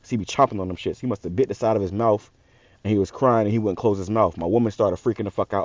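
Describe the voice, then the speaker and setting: A man's voice: fairly low pitch, fast, a little mellow, dry recording. Heated profane man preaching, lo-fi. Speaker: religious channel host. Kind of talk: ranting street sermon.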